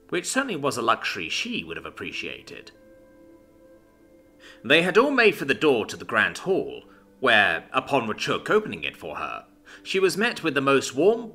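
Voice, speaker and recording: Bright, lively male story narrator. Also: mid-range voice. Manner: expressive storytelling. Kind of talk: scripted narration.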